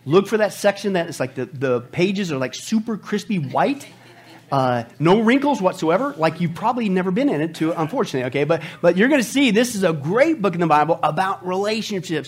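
A man's voice: on the high side, husky. A male pastor preaching a sermon, joking and whooping as he reads scripture aloud. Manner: animated, humorous, shouts whoops.

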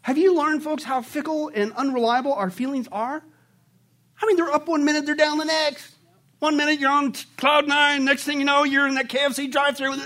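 A man preaching a sermon, animated, asking the congregation rhetorical questions and acting out quick mock voices. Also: very high-pitched. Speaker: pastor.

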